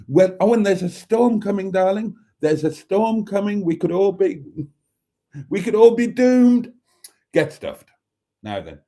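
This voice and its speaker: Camp, slow-talking man. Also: high-pitched, mellow. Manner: camp and theatrical, swooping voice, calls viewers darlings. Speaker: live-stream host. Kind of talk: chatty live-stream hosting.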